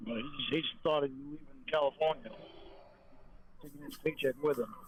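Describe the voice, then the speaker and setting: A man's voice: mid-range voice, a little fast, natural voice. A man playing a jealous, possessive lover who talks bitterly and swears over a phone call. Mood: sneering. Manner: bitter, sneering and profane.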